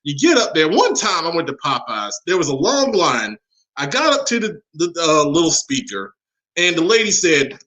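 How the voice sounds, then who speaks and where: A man hosting a podcast, talking casually with plenty of fillers and getting animated when worked up. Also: a little high, a little fast, low-quality recording. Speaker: podcast host. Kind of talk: casual chat.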